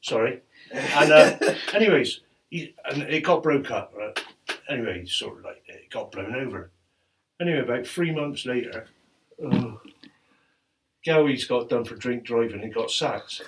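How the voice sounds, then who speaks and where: A middle-aged man telling animated football stories in casual chat, laughing often. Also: medium pitch, normal speed. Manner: laughs often, animated anecdotes, quotes others. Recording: distant mic with faint noise.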